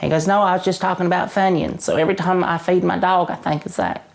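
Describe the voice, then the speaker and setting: In a mock documentary interview, a man plays an awkward adult twin brother who halts and rambles, his voice jumping high at moments. His intonation is otherwise fairly even, with vocal fry.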